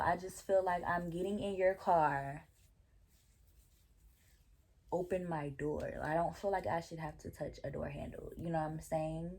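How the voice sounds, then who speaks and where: A woman's voice: low voice, darkish tone. A woman vlogger casually telling a story, chatty and exasperated, with restarts along the way.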